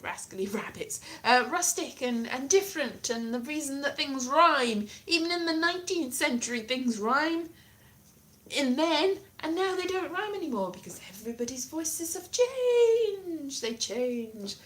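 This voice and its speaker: Woman host, playful rambler on a live stream, light bright voice. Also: high-pitched, very animated, measured pace. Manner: chatty, playful, trails off and restarts. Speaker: livestream host. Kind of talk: casual rambling livestream chat.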